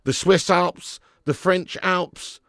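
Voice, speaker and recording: A man's voice: high-pitched, fairly even intonation, slow, a bit bright, no echo, clean studio sound. A man hosting a live football watch-along, chatting with viewers by name and commentating with sarcasm.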